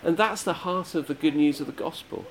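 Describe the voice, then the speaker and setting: A man's voice: fairly high pitch, brisk, a little hiss or hum. A man preaching a sermon to a congregation, earnest and emphatic, building his points through repeated phrases.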